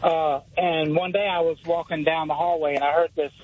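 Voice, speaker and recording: Older male radio caller, folksy storyteller, high husky voice, lo-fi line. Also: steady tone, a little fast. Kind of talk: telling a personal story. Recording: dull lo-fi radio broadcast.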